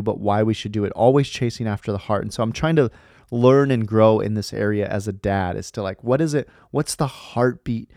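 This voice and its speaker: In a studio-quality recording with no room sound, a podcast host in his thirties chats casually about faith. His medium-pitched voice is a little mellow, and he speaks earnestly while rambling, using fillers and starting sentences over.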